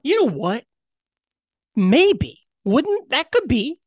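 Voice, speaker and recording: A man co-hosting a podcast in casual chat, animated and joking, swearing often as he jumps between topics. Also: extremely high pitch, slow, no room sound. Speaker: podcast co-host.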